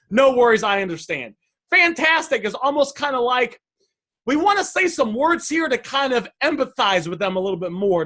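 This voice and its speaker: Guy with a pretty high voice going over sales texts, super eager, keeps saying guys. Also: a bit bright. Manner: enthusiastic, repeats phrases, addresses viewers as guys. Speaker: sales coach. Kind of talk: coaching review of sales messages.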